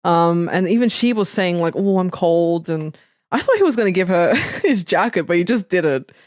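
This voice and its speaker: A woman's voice: fairly low pitch, animated, moderate pace, dry recording, clean studio sound. A woman co-hosting a podcast, chatting casually about a film, laughing often and leaning on "like" fillers. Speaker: podcast co-host. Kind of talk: casual chat recapping a film.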